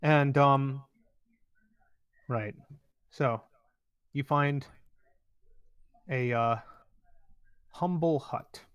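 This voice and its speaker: A man's voice: mid-range voice, very slow, pauses often, smooth, no room sound. A young man narrating as game master in a loose, rambling way with many fillers.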